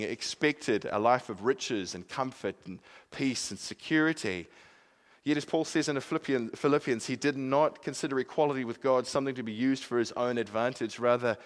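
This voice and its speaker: A man preaching a sermon in an earnest way, swinging from emphatic peaks to quiet, soft passages. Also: medium pitch.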